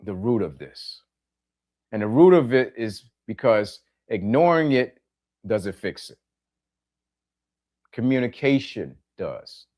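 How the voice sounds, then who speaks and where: His pitch swings widely while he takes his time, leaving long pauses; the voice is lowish and a little mellow. The middle-aged podcast host reflects aloud to his listeners in plain terms, repeating key phrases and asking them direct questions.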